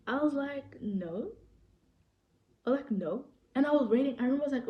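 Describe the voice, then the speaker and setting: A young South African woman with a South African accent, telling a story to the camera in an animated, excitable way and acting out what people said. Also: sits high, moderate pace, long pauses, dull audio. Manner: animated, excitable storytelling, acts out quoted people, repeats phrases. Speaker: vlogger. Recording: echoey room.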